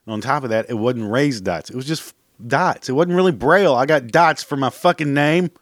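A man hosting his own podcast, venting in a loose, profanity-laced rant and chuckling at his own punchlines. His voice sits at an ordinary middle pitch. The sound is close and dry, with no room around it. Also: brisk, dry recording. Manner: profane, blunt, laughs at his own jokes. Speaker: podcast host. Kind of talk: casual solo rant.

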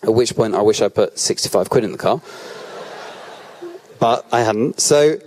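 A man's voice: fairly low pitch, moderate pace, a little mellow, slight background noise. A man with a British accent giving a sermon at a church, talking casually and telling personal stories, often restarting his sentences. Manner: conversational storytelling with frequent restarts. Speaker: church speaker.

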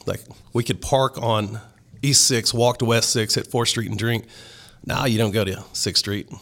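A man from Texas with a Southern accent, chatting excitedly as a DJ guest on a podcast and laughing often. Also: on the low side, moderate pace. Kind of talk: casual podcast chat.

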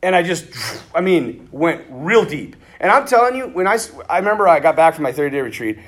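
A middle-aged priest giving a conversational sermon, telling stories and acting out bits of dialogue. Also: male voice, on the high side, fairly quick. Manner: conversational, animated, acts out quoted dialogue. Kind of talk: sermon with storytelling.

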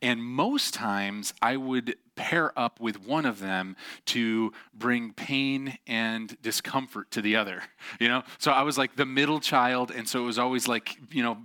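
A man's voice: medium pitch, a little slow, no echo. A man giving a casual, story-driven sermon, animatedly acting out the voices of the people in his stories. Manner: animated, acts out quoted voices. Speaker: preacher.

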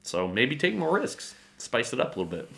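A pastor telling a story as a guest in an interview, animated and acting out the voices of people in his story, laughing often. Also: mid-range voice, brisk, gravelly.

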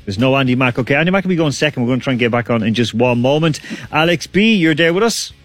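A man's voice: mid-range voice, expressive, fast talker, a bit bright, dry recording, soft background music. A man hosting a casual online quiz, chatty and laughing often. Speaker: quiz host.

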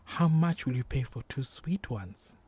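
A man's voice: lively intonation, a little slow, breathy edge. A man putting on a coaxing Hausa-accented young woman. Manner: soft, pleasant and low.

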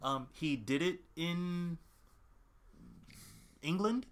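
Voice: medium pitch, lively intonation, extremely slow. A co-host in casual chat who talks emphatically, ranting and swearing freely.

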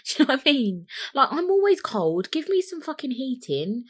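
A woman's voice: sits high, sing-song, moderate pace, breathy edge. Chatty, cheeky young woman. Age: young adult. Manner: chatty, rambling and cheeky, swears freely. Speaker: podcast host. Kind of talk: solo podcast chat. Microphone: podcast microphone.

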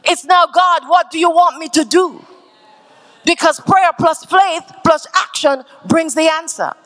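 A woman pastor from Canada preaching a sermon, building to shouted climaxes and repeating key phrases. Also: very high-pitched, a little slow.

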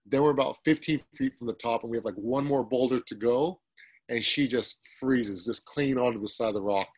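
A man in casual conversation, telling a story in a relaxed way. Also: mid-range voice, brisk, slightly rough, no echo, rough recording. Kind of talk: casual chat.

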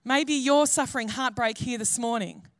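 Woman pastor, high voice, dry close sound, earnest conversational sermon. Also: normal speed, fairly bright tone, no echo. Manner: earnest, conversational preaching with restarts.

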